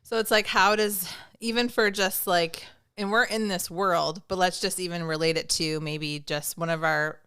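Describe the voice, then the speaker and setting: A woman in her forties chatting as a podcast guest, easygoing and quick to laugh. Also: on the low side, steady tone, bright, forceful tone, smooth, no room sound, studio quality. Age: 40s. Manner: easygoing, laughs often, loses her train of thought. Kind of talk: casual chat.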